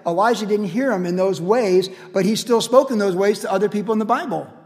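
A man preaching a sermon as pastor, energetic and casual, building repeated refrains. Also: high-pitched, fairly quick. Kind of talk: radio sermon. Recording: long hall reverb.

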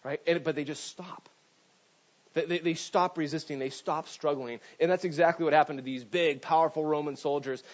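Pastor, male, middle-aged, animated sermon delivery, slightly high voice, dull lo-fi recording. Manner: animated storytelling with frequent "right?" asides. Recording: dull lo-fi sound.

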